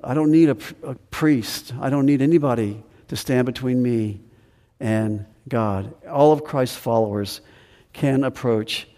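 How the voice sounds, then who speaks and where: A man preaching a sermon with earnest emphasis, slowing down on key phrases and rising in pitch when stressing a point. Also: mellow. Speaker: pastor. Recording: long hall reverb.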